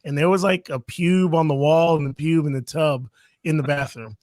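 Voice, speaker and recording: A man's voice: on the high side, normal speed, a little mellow, no room sound, studio quality. A man on a podcast casually telling a hotel story of his own, with laughing asides. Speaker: podcast co-host.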